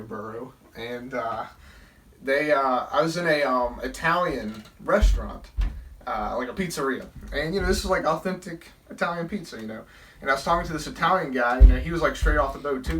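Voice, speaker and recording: A man's voice: mid-range voice, fairly bright tone, distant mic. A young man from Southern Virginia telling a rambling personal story, with many fillers and restarts. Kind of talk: casual storytelling.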